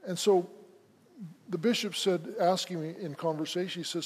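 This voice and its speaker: A pastor telling a story in a sermon, swinging from quiet to loud emphasis. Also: male voice, high voice, steady tone, moderate pace, husky. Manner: storytelling, builds to loud emphasis then drops soft.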